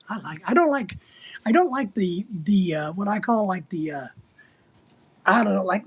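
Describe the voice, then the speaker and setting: Husky, rambling middle-aged man. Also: sits high. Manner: rambling, crude and jokey. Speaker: livestream host reading chat. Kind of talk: casual live chat.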